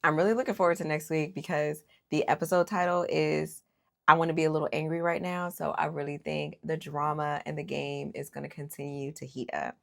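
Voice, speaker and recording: Low-pitched woman host, talky and opinionated, casual reality-TV recap. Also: a little fast, vocal fry. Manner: opinionated, animated, lots of fillers.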